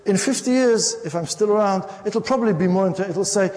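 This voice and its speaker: High-voiced male lecturer in a hall. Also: fairly quick, a little mellow. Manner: wry, storytelling, repeats himself when stressing points. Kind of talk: public lecture. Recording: long reverb of a lecture hall.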